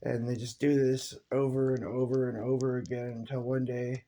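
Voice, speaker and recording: A man who has just woken up talks in a rambling, halting monologue, trailing off and sighing. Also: mid-range voice, level tone, mellow, slight background noise. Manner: halting, rambling, full of fillers and sighs. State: drowsy, just woke up.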